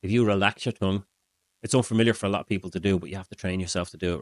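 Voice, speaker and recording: Low-pitched man, mindset coach, calm, steady, explanatory, dry. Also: racing, dry recording. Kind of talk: explaining to camera.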